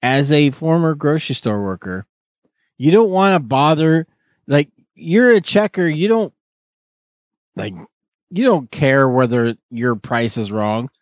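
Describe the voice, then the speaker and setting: A man's voice: fairly high pitch, animated, unhurried, no echo, studio quality. A man hosting a casual podcast chat, joking and rambling with many restarts. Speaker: podcast host.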